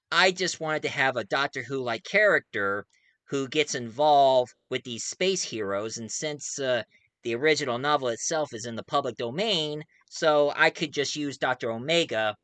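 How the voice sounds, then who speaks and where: A man's voice: mid-range voice, normal speed, pushed and bright, no echo. A man casually talking about his audio drama project, rambling enthusiastically and often correcting himself. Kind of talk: casual video monologue.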